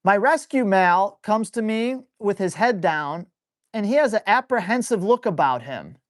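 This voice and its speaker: A man, a dog trainer, runs a live-stream Q&A, reading viewer questions aloud and answering them on the fly in a loose, blunt, somewhat crude way with salty language. His voice sits high and is expressive at a normal speed, with studio-quality sound and no room noise.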